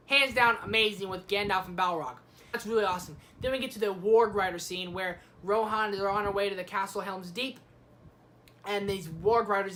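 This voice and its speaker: A young woman giving a casual movie review, excitable and slangy, swearing freely. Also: mid-range voice, slight background noise.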